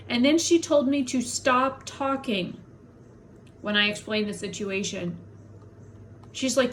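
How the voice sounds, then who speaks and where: A woman's voice: a little high, slow pace, pauses often, fairly bright tone, a little hiss or hum. A woman vlogger in an angry personal rant to camera, swearing heavily and blunt, upset and in pain from a migraine. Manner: heavy swearing, blunt and indignant.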